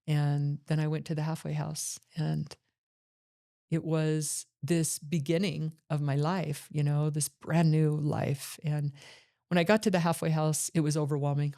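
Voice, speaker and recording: A woman's voice: low-pitched, level tone, normal speed, mellow. A middle-aged woman hosting a podcast, telling her own life story in an earnest, reflective monologue. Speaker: podcast host.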